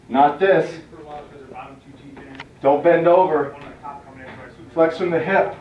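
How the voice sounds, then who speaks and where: A male fitness trainer in a gym, speaking slowly and calling out short commands as he demonstrates each move and counts the reps. His voice sits a little high and comes from some distance off the mic. The recording is roomy with echo and sounds dull. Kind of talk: workout instruction.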